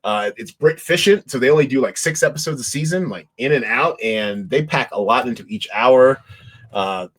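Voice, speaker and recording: A man's voice: mid-range voice, animated, moderate pace. A man hosting a podcast, chatting casually about TV shows in a rambling way, with lots of restarts and fillers. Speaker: podcast host. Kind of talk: casual chat.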